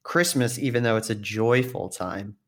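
A man co-hosting a relaxed podcast, with a middle-pitched voice. He talks in an easygoing way and drops dry little quips into the chat. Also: moderate pace. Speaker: podcast co-host. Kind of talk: casual chat.

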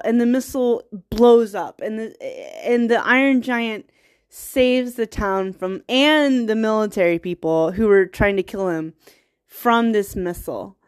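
A young woman with a smooth, slightly high voice eagerly recaps a movie's plot. Her talk is casual and rambling, and she laughs a lot and gets teary along the way.

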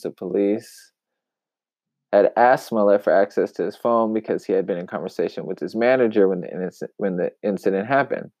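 A man giving casual commentary in an emphatic, wry way, with long pauses, on a dull, dry lo-fi recording. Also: fairly low pitch, dark tone, dry recording. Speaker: commentary vlogger.

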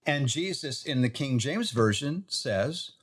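A man telling a devotional scripture story in an earnest way, reading the quoted verses slowly and softly. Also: medium pitch, expressive, slightly rough.

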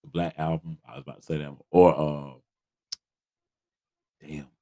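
Male co-host, deep register, stuffy congested voice, easygoing slangy album-review chatter. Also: level tone, normal speed, warm tone. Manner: laid-back slang, trailing off. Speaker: podcast co-host. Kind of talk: casual album review chat.

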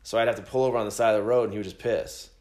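Low-voiced man telling a profane story. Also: very fast, roomy sound. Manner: rambling, swearing, animated quoting of friends. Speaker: podcast host telling a story.

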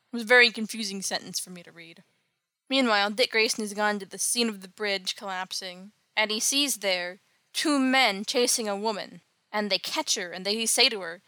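A woman's voice: medium pitch, normal speed, bright, forceful tone, dry recording. A woman host casually recapping an old comic with wry, sarcastic asides. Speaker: podcast host.

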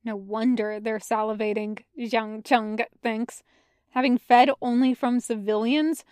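A woman reading a fan fiction story aloud as a podfic, in a measured storytelling way. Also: fairly high pitch, a little mellow, clean tone, dry recording, clean studio sound. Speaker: podfic reader. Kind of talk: audiobook narration of fan fiction.

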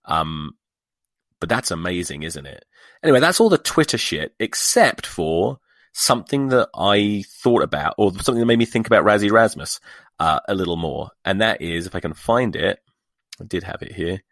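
A man's voice: low voice, expressive, moderate pace, fairly bright tone, no echo, studio quality. Profane, sarcastic man ranting. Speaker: podcast host. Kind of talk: solo podcast rant.

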